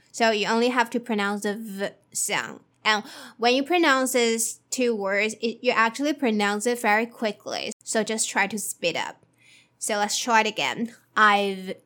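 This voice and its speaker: Slow, careful woman teaching pronunciation. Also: fairly high pitch, sharp tone. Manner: slow, careful, drills sounds by repeating them. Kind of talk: pronunciation lesson.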